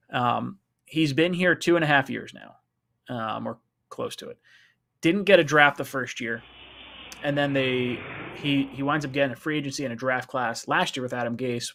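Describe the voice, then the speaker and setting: A man hosts a live fan stream in casual, rambling talk. His voice is bright and forward. He gets animated and restarts his sentences often. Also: mid-range voice. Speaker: host of a fan call-in stream.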